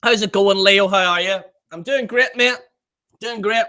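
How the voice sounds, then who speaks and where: A man with a high-pitched voice hosts a live stream, ranting in exasperated disbelief. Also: normal speed, bright, forceful tone. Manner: exasperated and incredulous.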